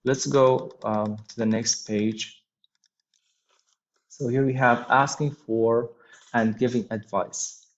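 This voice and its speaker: A man teaching an English lesson, talking slowly and patiently at a middle pitch. He repeats key phrases and fills pauses with "um". The audio is dull and lo-fi. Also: steady tone. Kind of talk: slow explanatory lesson.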